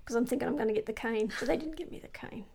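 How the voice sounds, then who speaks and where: A woman's voice: on the high side, very fast, vocal fry, darkish tone. An older woman, chatting casually about slang, laughing often and finishing her friend's sentences. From came from England as a child, grew up in Sydney. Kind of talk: casual chat explaining slang.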